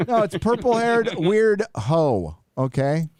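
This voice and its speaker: Animated joking man reading donations. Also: high-pitched, takes it slowly, no echo. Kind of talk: casual panel chat.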